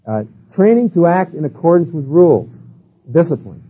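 Brief: husky male preacher, folksy and rambling, old lo-fi tape. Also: on the high side, sing-song, moderate pace. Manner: folksy, storytelling with many "you know" and "uh" fillers. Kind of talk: sermon-style lecture. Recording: tinny phone-like old tape.

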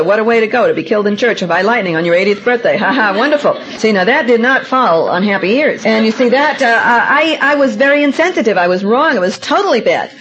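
A middle-aged woman giving a seminar talk, telling personal stories in an animated, self-mocking and emphatic way. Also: on the high side. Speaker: seminar speaker. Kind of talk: lecture with personal anecdotes. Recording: dull lo-fi recording.

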